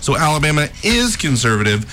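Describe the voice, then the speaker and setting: A man's voice: on the high side, very animated, fairly quick, bright, forceful tone, slight background noise. A man co-hosting a talk radio show, talking in emphatic, conversational political banter and repeating his points for emphasis.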